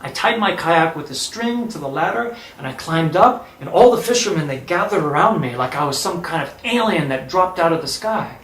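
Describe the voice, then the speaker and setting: Man, a bit high-voiced, telling a story with lively acted dialogue, echoey room. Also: normal speed, hardly any pauses. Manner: animated, acts out quoted dialogue. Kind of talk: personal storytelling.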